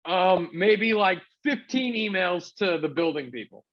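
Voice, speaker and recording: A man's voice: high voice, animated, measured pace. A man from New City, sick with covid, telling a rambling, profane story as a comedy podcast host. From New York City. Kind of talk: casual storytelling chat. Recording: dull lo-fi sound.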